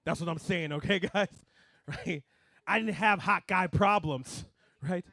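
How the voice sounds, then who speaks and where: Animated young stand-up comedian, man. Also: sits high, unhurried, no echo, studio quality. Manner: animated, swings between mumbling asides and loud punchlines.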